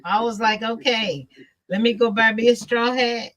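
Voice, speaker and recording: Bright, animated woman host, laughs a lot, easy chat. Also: fairly high pitch, moderate pace, highs cut off. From American Midwest. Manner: animated storyteller, laughs often. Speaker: sewing channel host. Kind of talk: casual chat.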